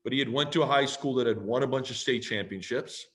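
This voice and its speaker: Man, 30s, podcast guest, animated storyteller, casual swearing, medium pitch. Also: fast. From Canada. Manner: animated, swears freely, talks in long run-on stories. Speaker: guest, football player.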